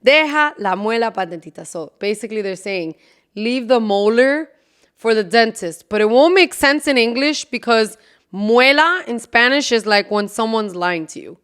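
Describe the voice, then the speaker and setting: This fairly high-pitched woman speaks smoothly at normal speed with lively intonation as she hosts a solo podcast chat. Expect brash cursing, lots of laughter, bits of Spanish and loud whispered asides.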